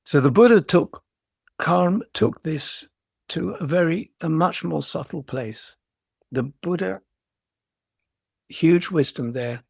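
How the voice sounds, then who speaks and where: A man's voice: a little high, animated, slow, vocal fry, pauses often, darkish tone, husky, no echo, studio quality. An older man giving a dharma talk as a meditation teacher, reflective and storytelling, often restarting his phrases.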